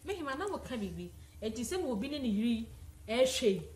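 A woman, chatting lively as a guest on a studio talk show. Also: a little high, fast talker, echoey room. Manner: lively, chatty, mixing local language and English.

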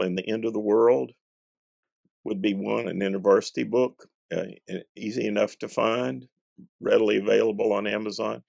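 A low-voiced man from North Carolina who talks like a seasoned preacher, leaning on key words with steady emphasis. His voice is heavily gravelly with a husky edge, and the sound is dry and close. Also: no room sound. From North Carolina, USA. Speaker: guest Bible scholar. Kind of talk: thoughtful interview answers.

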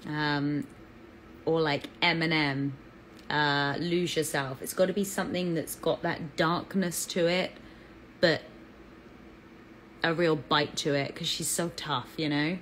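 A woman's voice: low voice, steady tone, takes it slowly, pauses often, a bit bright, slight background noise, rough recording. A woman with an English accent chatting on a live fan Q&A, bubbly and talkative as she greets viewers. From England. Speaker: actress answering fan questions.

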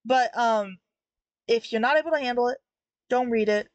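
A young woman reviews a webtoon, reading and commenting on it in a casual, critical way and often laughing between remarks. Her voice is a little high and moderately paced, and the recording is lo-fi with no echo.

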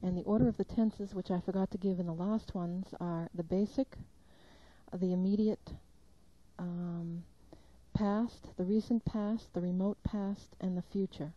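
A woman's voice: mid-range voice, steady tone, a little slow, mellow, breathy edge, dry recording. A woman working as a field linguist, plainly explaining the next items to record, with some hesitations. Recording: dull lo-fi 1990s tape.

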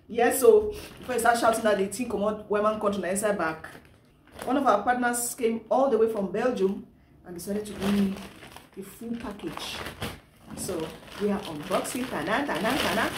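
Young Nigerian woman vlogger, slow easygoing talk, laughs a lot, mixes Pidgin in; recorded in an echoey room from off-mic. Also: on the high side, recorded from a distance, a little hiss or hum. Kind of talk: casual unboxing vlog.

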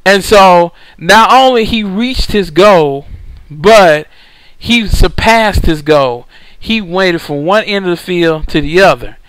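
A man's voice: sits high, takes it slowly, fairly bright tone, clean tone, no echo, rough recording. A male preacher recording a sermon, telling a story with emphatic repetition.

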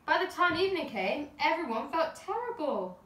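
A woman, a nursery teacher, reading a picture book aloud to young children with gentle, chatty asides. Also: high-pitched, very animated, moderate pace. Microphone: camera at a distance. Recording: echoey room, filmed from a distance.

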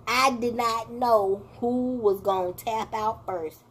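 Slow, animated woman vlogger chatting. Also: fairly high pitch, slightly rough. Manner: animated storytelling, addresses viewers as y'all, laughing asides. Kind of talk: casual reaction chat.

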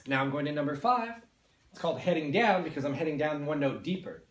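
A man's voice: fairly high pitch, lively intonation, fast, reverberant. A man teaching beginner band students, explaining each step patiently and counting and singing the notes along. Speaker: music teacher. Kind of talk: patient beginner instrument lesson.

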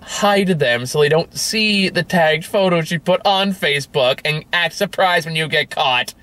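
A man's voice: on the high side, a little slow, sharp tone. A man hosting a casual movie review chat, rambling and sarcastic, swearing and laughing often.

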